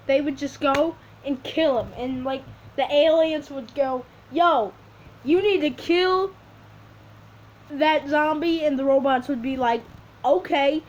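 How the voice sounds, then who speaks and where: A woman making up a story as she draws, rambling and halting, with many restarts. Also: high voice, darkish tone. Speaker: video creator. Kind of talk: improvised storytelling while drawing. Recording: dull lo-fi recording with faint hiss.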